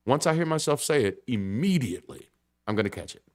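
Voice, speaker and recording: A man pastor delivering a casual, blunt sermon in a conversational style, moving between quiet low passages and loud emphatic stretches. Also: big pitch swings, a little fast. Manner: casual and blunt, with frank slang.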